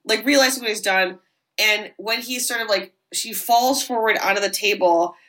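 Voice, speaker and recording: A woman with a bright, ringing voice retells a horror film plot in casual podcast chat. She slips into quick impressions of the characters as she goes and swears offhandedly. Her tone is lively and storytelling. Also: mid-range voice, rough recording. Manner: animated, acts out characters' lines, swears casually.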